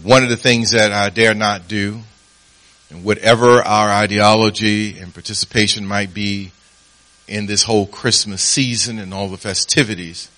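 A man's voice: steady tone, moderate pace, bright, forceful tone. A man preaching as pastor, telling a story and acting out its voices. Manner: storytelling, acts out voices with rising pitch. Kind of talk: sermon with a told joke.

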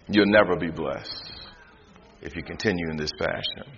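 A man's voice: lowish voice, normal speed, a bit bright. A man preaching a sermon as pastor, with emphatic, repetitive, dramatic delivery. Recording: dull sound, long hall reverb, faint noise.

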